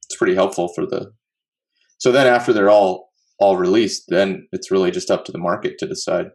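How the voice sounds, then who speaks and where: A man's voice: low-pitched, fairly quick, a little mellow. A man co-hosting a podcast in casual chat, musing and working through numbers aloud. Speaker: podcast co-host.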